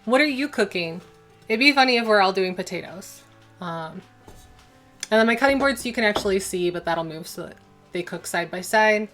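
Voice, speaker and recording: A woman's voice: medium pitch, lively intonation, normal speed, a bit bright, soft background music. A young woman hosting a casual cooking livestream from her home kitchen, chatting and rambling as she answers viewers' chat. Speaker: livestream host.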